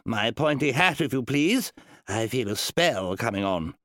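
A man's voice: mid-range voice, expressive, measured pace, a bit bright, dry recording, clean studio sound. A man voicing a short, portly, balding wizard who is fussy, pompous and defensive.

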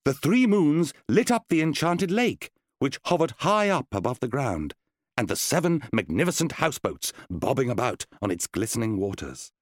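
A man reading a children's fantasy story aloud in an expressive, storytelling way. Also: mid-range voice, normal speed, no echo. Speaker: narrator. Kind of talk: audiobook reading. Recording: dry close studio sound.

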